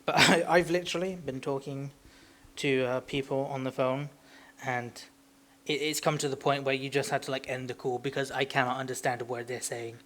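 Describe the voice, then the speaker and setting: A man's voice: mid-range voice, level tone, normal speed, a bit bright, a little hiss or hum. Crude rambling British podcast guy. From Britain. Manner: rambling, crude, ranting with silly impressions. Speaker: podcast co-host. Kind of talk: casual chat.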